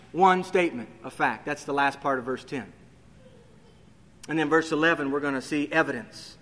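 A man with a high, bright, ringing voice preaches through a verse-by-verse sermon. He climbs sharply in pitch when he presses a question home. His words carry a long reverb from a church sanctuary. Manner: expository, rising emphatically on key questions.

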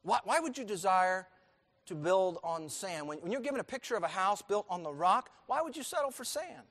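A man's voice: high voice, sing-song, a little fast, fairly bright tone, in a large hall. A male pastor preaching an emphatic sermon, asking the congregation questions and letting them call out answers. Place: church sanctuary.

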